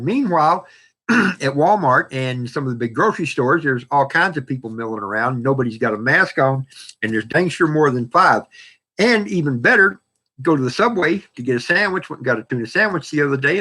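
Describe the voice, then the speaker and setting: A man's voice: a little high, sharp tone. A man hosting a casual livestream, rambling in a folksy way and answering viewer chat. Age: 60s. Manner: rambling, folksy, talks back to chat messages. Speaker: livestream host.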